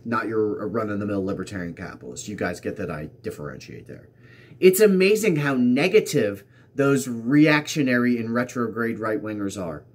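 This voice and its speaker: A man's voice: fairly low pitch, big pitch swings, normal speed, husky. A man hosting a political commentary show, reading out tweets and mocking them sarcastically, repeating lines for emphasis.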